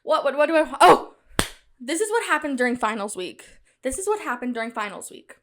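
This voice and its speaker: A young woman in college hosting a casual solo podcast, talking chattily and animatedly straight to her listeners, with a loud cackling laugh. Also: high-pitched, lively intonation, brisk, slight background noise. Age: young adult. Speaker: podcast host.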